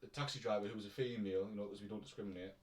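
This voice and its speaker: A man with a North East English accent co-hosting a podcast, chatting and joking in a relaxed way. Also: on the low side, very fast. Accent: North East English, between Newcastle and Durham. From North East England. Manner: chatty, jokey, laughs often. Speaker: podcast co-host. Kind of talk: casual chat. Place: room at home. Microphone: shared microphone from a distance. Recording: echoey room, mic at a distance.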